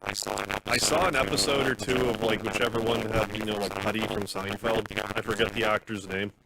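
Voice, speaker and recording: Lowish-voiced man chatting on a game stream. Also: steady tone, fast talker, a loud crowd. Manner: rambling, chatty, heavy use of "like". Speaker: gaming livestreamer. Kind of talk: casual live commentary while playing a game. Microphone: desk microphone.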